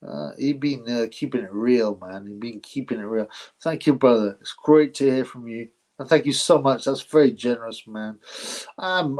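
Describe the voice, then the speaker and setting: A man's voice: mid-range voice, poor audio. A man hosting a live boxing stream, chatting casually, rambling, laughing often and thanking his viewers.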